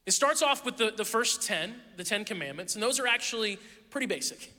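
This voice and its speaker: A male pastor preaches with a high, very bright and ringing voice, animated and self-deprecating as he tells stories. His words trail off into the long reverb of a large hall. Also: brisk. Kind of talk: sermon with personal stories.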